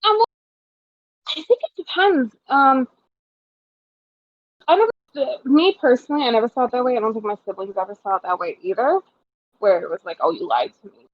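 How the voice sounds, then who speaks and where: A young woman co-hosting a podcast in casual chat, talking in a chatty way with animated retellings and plenty of fillers. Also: fairly high pitch, brisk, long pauses, no echo. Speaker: podcast co-host. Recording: dull lo-fi podcast audio.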